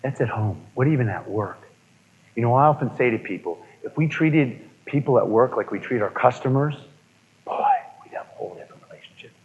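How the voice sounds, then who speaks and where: A man giving a live motivational seminar, energetic, asking the room questions and repeating key points. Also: mid-range voice, brisk, husky. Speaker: motivational speaker. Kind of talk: live seminar talk to an audience. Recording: dull lo-fi audio with long reverb.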